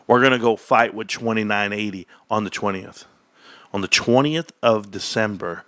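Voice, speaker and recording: Excitable man ranting about stocks. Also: fairly low pitch, moderate pace, no room sound. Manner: animated, excitable, boastful, rambling. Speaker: host. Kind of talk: casual livestream stock commentary.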